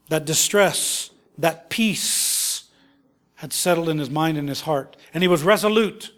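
Pastor, male, fairly high voice, impassioned preaching that falls to a hush. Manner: impassioned preaching, rises and drops to hushed tones. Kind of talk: sermon.

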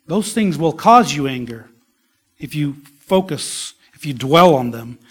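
Male pastor, fairly high voice, slow, emphatic sermon delivery. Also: expressive, husky. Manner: slow, emphatic preaching, dropping to soft whispers.

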